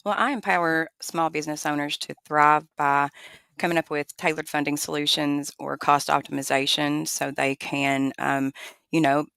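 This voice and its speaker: A woman with an Appalachian accent, a guest answering interview questions in an earnest, soft-spoken way. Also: low-pitched, fairly even intonation, moderate pace, vocal fry, clean tone, dry recording. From Appalachian Virginia.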